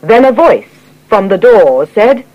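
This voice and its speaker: A woman reading an English coursebook unit aloud in clear, scripted narration. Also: mid-range voice, muffled recording. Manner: clear, measured reading with lively intonation. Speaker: textbook audio reader.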